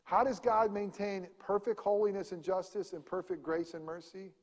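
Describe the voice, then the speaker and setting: A man preaching a sermon, swinging from loud emphasis to hushed near-whispers. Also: sits high, fairly even intonation, normal speed, big-room sound. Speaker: pastor.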